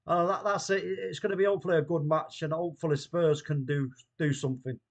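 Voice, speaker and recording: A man hosting a casual live stream, his voice sitting a touch higher than most. He banters loosely, reads comments from the chat aloud, and laughs easily as he goes. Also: steady tone, fast. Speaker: watchalong host.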